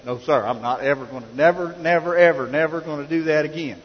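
A frightened teenage boy, as a man puts him on, mumbling meek answers in a high, soft voice. The audio is dull and echoes in a large hall. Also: quick pace, lightly acted. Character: scared teenage boy caught speeding.

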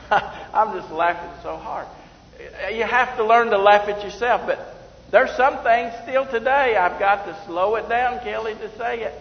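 A man's voice: high-pitched, unhurried, vocal fry. A man preaching a sermon, telling folksy stories and laughing at himself. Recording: roomy hall, slightly dull sound.

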